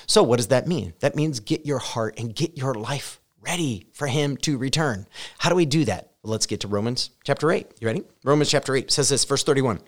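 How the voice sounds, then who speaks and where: A man preaching a sermon as pastor, speaking earnestly and directly to his listeners, rising loud and emphatic when he reads scripture. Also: mid-range voice, expressive, fairly quick.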